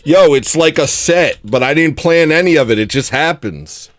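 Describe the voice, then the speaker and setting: A man's voice: a little high, lively intonation, moderate pace. A man hosting a livestream show, telling a personal story in a casual, rambling way with frequent restarts.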